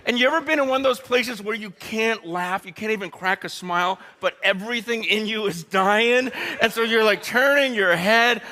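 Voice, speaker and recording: A man preaching a humorous sermon story, animated and laughing often, speaking straight to his audience. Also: high-pitched, moderate pace, few pauses. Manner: addresses the audience directly.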